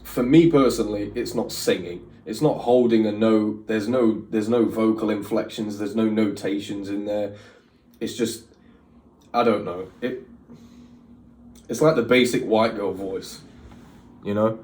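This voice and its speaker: A man's voice: lowish voice, steady tone, measured pace, long pauses, darkish tone. A man hosting a reaction video, chatting casually and giving opinions in a rambling way with lots of fillers. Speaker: reaction channel host. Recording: roomy echo, mic at a distance, faint music.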